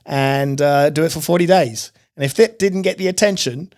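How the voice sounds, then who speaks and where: A middle-aged man telling his life story as a podcast guest, emphatic and animated, acting out his own past outbursts. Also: fairly high pitch, normal speed. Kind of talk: testimony in casual interview.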